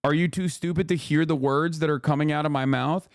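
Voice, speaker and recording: A streaming man tears into his targets with crude, mocking jabs. His voice sits a touch high and sounds smooth and crisp. The sound is dry and close. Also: fairly even intonation, brisk, no room sound. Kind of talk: profane live-stream rant.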